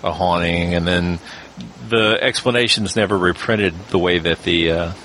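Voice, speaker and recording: A man hosting a podcast, giving a measured scripted intro and then chatting casually and reading aloud from a book. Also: sits low, fairly bright tone, a little hiss or hum. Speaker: podcast host.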